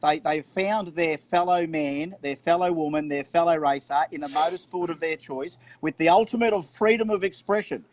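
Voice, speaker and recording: An Australian man commenting on drag racing in an excited live chat, enthusiastic and stumbling over repeated words. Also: on the high side, normal speed, few pauses.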